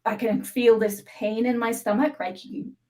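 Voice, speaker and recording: A woman explaining a tapping technique as a guest, speaking calmly and checking in often. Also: fairly high pitch, normal speed, rough recording. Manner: calm, instructive, frequent "right?" check-ins. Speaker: EFT tapping practitioner, guest. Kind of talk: explaining a technique on a live show.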